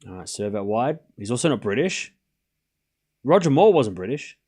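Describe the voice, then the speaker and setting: A young man calls tennis points on a casual live stream, wandering into jokey tangents with his chat between rallies. He talks at an ordinary middle pitch, loose and unscripted, with a bit of swearing. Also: very animated, moderate pace, dark tone, breathy edge.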